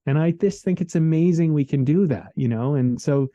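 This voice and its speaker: A podcast co-host speaks at normal speed in a warm, slightly high voice, recorded dry and muffled over a remote call microphone. His talk is a casual, reflective ramble, earnest and full of "like" and "man."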